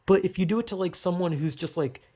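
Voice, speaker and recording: A man's voice: high-pitched, quick pace, mellow. A young man talking casually, rambling and swearing, acting out quotes in goofy voices. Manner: rambling, profane, acts out quotes in silly voices. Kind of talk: casual monologue.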